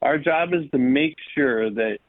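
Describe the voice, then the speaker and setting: A man talks through an earnest sales pitch for a radio ad. His voice is husky and thin, heard over a tinny, phone-like line. The sound is dry and close. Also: a little slow, dry recording. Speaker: roofing company representative. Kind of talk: radio ad testimonial.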